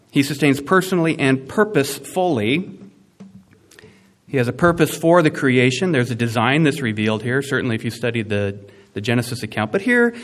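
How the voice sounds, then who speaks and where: A man preaching a sermon, animated and conversational, with asides and emphatic rising peaks. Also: mid-range voice. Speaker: pastor.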